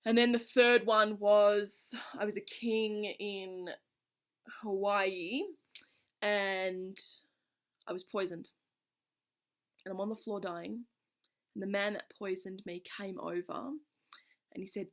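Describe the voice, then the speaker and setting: A woman's voice: medium pitch, little pitch movement, takes it slowly, long pauses. A woman with a mid-range voice talks straight to her viewers, recounting something personal. She is earnest and reflective, and her sentences spill forward loosely, strung together with casual fillers. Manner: reflective, earnest, speaks in loose run-on phrases with frequent "like". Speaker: vlogger. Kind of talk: casual personal storytelling to camera.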